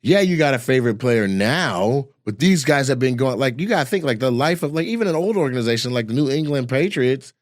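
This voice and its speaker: A man's voice: mid-range voice, lively intonation, fairly quick, hardly any pauses. A man in casual conversation, telling stories with lots of energy and jumping into other people's voices as he goes. His voice sits in a middle register. The sound is dry and close, with no room echo. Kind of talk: casual storytelling chat.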